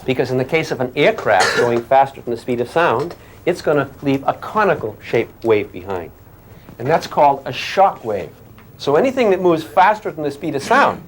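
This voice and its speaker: A man's voice: mid-range voice, a little hiss or hum. An older man giving a physics lecture to a class in a playful way, often asking questions and making sound effects.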